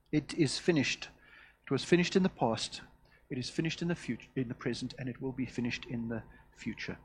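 A man preaching a sermon, measured and deliberate, swinging from loud emphasis to hushed, quiet endings. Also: a little high, husky. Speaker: pastor.

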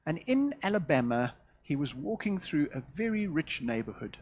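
A man preaching a sermon, measured and deliberate, swinging from loud emphasis to hushed, quiet endings. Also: a little high, big pitch swings, slightly rough, lo-fi sound. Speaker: pastor.

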